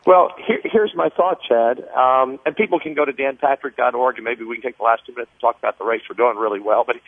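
A man's voice: medium pitch, fast talker, no echo. A man calling into a radio show as a guest, talking fervently and preacherly, often repeating words as he builds a point, heard over a phone line. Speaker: political guest on a call-in. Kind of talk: phone interview. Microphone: telephone.

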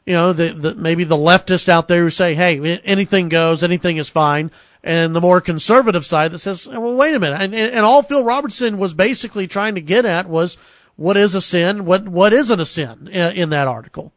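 A man hosting a talk radio show, brisk and conversational with fillers and restarts, speaking into a studio microphone. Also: high-pitched, fairly bright tone, dry recording.

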